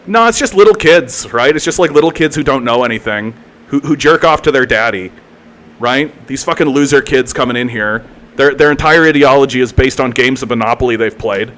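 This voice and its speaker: A Canadian man with a medium-pitched, fairly bright voice rants heatedly on a live political stream, animated and a little fast. He swears a lot, mocks, repeats himself, and fills his speech with filler words.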